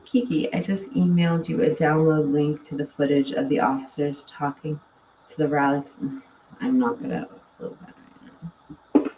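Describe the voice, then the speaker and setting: A woman's voice: deep voice, level tone, moderate pace, mellow, slight background noise. A woman hosting a casual livestream, chatting and reading viewer comments with frequent laughs. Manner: chatty, laughs often, tired and winding down. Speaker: livestream host. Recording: echoey room, mic at a distance.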